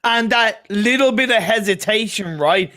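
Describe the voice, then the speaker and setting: High-voiced esports co-caster. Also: male voice, measured pace. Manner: energetic, chatty co-commentary. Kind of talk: live esports commentary.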